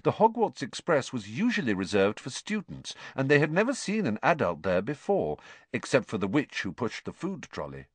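A man reading an audiobook aloud, narrating in an expressive storytelling manner. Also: mid-range voice, moderate pace, slightly rough, dry recording.

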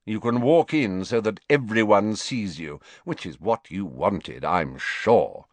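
A man reading the part of a cold, sarcastic male teacher, speaking slowly and cuttingly. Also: fairly low pitch, animated, no echo, heavily acted.

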